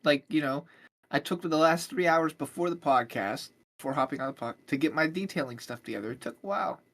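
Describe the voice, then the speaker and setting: A young man co-hosting a live podcast, laid-back and matter-of-fact, answering with a deadpan tone. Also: on the high side, fairly quick. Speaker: podcast co-host. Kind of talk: casual live stream banter.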